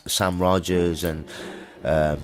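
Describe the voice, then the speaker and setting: A man's voice: low voice, little pitch movement, slow pace. A middle-aged man with a Birmingham accent, a musician guest in a studio, telling rambling stories in a casual interview. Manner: rambling anecdotal storytelling.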